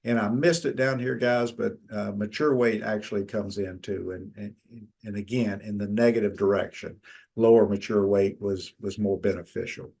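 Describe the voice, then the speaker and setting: A man's voice: lowish voice, steady tone, normal speed, gravelly, darkish tone. A middle-aged man, giving a conversational lecture from slides, with frequent fillers and restarts. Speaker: extension lecturer.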